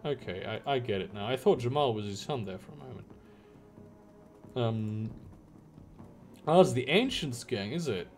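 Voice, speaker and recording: A man's voice: medium pitch, animated, moderate pace, long pauses, a little mellow, faint music behind. Joking man streaming a game. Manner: joking, crude, rambling asides. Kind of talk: live game playthrough commentary.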